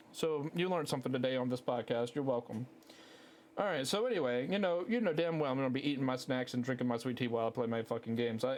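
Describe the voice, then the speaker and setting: A man with a mid-range voice hosts a solo podcast, telling stories casually on a headset mic. He rambles, swears a lot, and mocks himself.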